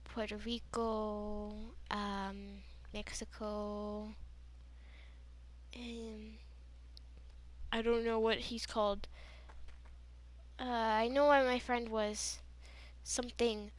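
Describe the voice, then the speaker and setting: A woman's voice: mid-range voice, level tone, drawn-out words, long pauses. A teenage girl telling a rambling, giggly story in a casual chat, full of "like" and "you know.". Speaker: gaming channel host.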